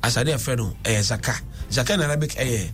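A man's voice: medium pitch, quick pace, a bit bright, faint music behind. A man, rambling in a casual discussion and switching between languages. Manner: rambling, restarts and code-switching.

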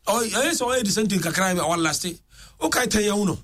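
A man hosting political talk radio, switching between English and Twi with excitable commentary. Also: high-pitched, brisk.

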